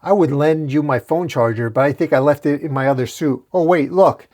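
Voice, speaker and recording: A man's voice: a little high, fairly quick, a little mellow, natural voice. A man voicing a wisecracking young male superhero in a comic recap, full of jokes. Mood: quippy. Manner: joking, quippy.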